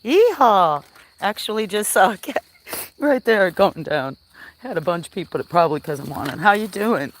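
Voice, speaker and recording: A woman's voice: mid-range voice, animated, moderate pace, slight background noise. A woman with a Southern US accent streaming live from a farm, chatting casually and cooing in baby talk to her cats while greeting viewers. She is outdoors at dusk, talking into a handheld phone. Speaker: farm livestreamer. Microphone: handheld phone while walking.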